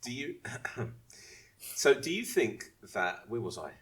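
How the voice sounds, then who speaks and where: A man's voice: mid-range voice, sing-song, slow, fairly bright tone. A man co-hosting a casual podcast chat, rambling through his points with many restarts. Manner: rambling, restarts and asks if he may speak. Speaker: podcast co-host.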